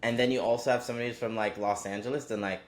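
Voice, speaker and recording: A young man hosting a podcast, talking in an excited, hyped-up way with lots of repetition. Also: racing, roomy sound. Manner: hyped, repetitive, upbeat pitch. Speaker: podcast host. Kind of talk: energetic show intro and casual interview.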